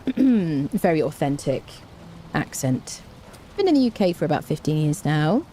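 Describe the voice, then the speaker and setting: A woman streams a game and chats casually, reading her viewers' messages out loud between frequent laughs. Her voice sits low but moves around a lot, with a mellow, soft-edged tone. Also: very animated, measured pace, a little hiss or hum. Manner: chatty, reads viewer messages aloud and laughs often. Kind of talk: casual live-stream chat while gaming.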